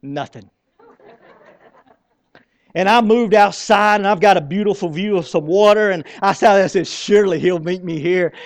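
A middle-aged man preaching a sermon, talking in an animated, conversational way, repeating words and asking the crowd questions. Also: high voice, normal speed, pauses often, dry recording. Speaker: pastor.

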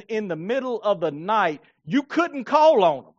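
A man's voice: sits high, unhurried, dry recording, dull audio. A male pastor preaching a sermon, reading scripture and acting out stories with playful voices and laughter. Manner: animated, acts out scenes with playful voices and laughter.

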